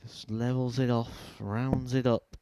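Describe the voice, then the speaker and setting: A man giving live darts commentary, measured as he sums up results and looks ahead to the next match. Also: medium pitch, little pitch movement, noisy background.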